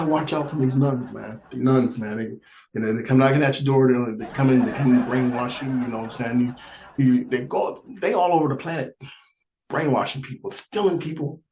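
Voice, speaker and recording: A man's voice: mid-range voice, echoey room, background noise. Rambling laughing male stand-up comic. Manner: rambling and repetitive, laughing through lines. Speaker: stand-up comedian. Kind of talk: stand-up comedy set.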